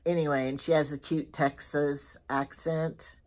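A woman's voice: low-pitched, little pitch movement, a little slow, a little mellow. A middle-aged woman chatting casually through a shopping haul, rambling from one story to the next. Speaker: lifestyle vlogger.

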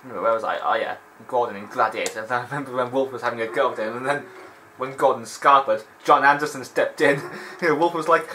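This let's play host speaks quickly in a mid-range voice with fairly even intonation, sounding pushed and bright. His gameplay commentary rambles off on tangents with frequent laughter, over a low-quality recording with a little hiss or hum.

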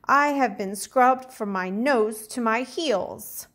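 A woman voicing a grumpy male farm pig in a storybook read-aloud, squealing high as he complains. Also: takes it slowly, fairly bright tone. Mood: complaining.

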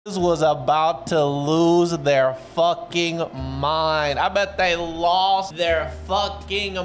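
A man streaming live, reacting casually and excitably while he reads, swearing freely and breaking into sudden shouts. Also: fairly high pitch, slow, faint music behind.

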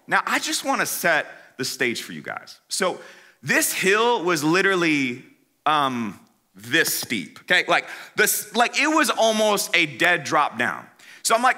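Animated youth speaker telling a funny story. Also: male voice, on the high side, unhurried. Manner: animated, dramatic swings between loud and hushed; casual slangy delivery addressing the crowd. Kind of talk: humorous storytelling sermon.

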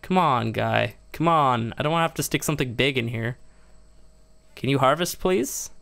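A man doing let's-play commentary in a gravelly, mid-pitched voice. He talks himself through every move of his survival game, his voice leaping up high whenever things go wrong. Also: moderate pace, a bit bright. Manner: exasperated, self-narrating, laughing at mishaps; jumps much higher in pitch when upset. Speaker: gaming YouTuber.

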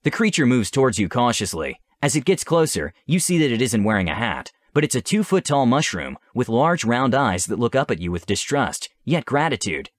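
A male game master reads a fantasy adventure aloud with a lively, animated melody. His delivery is measured and descriptive. The recording is dry and close, with no room echo. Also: medium pitch. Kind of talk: scripted story narration.

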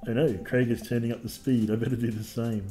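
A man's voice: medium pitch, level tone, fast, dark tone, faint music behind. A man streaming a dating game, reading it aloud with wry, jokey asides. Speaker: let's play streamer.

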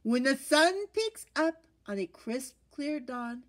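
A woman reading a picture book aloud to children, animated and stopping to ask them questions. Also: high-pitched, takes it slowly.

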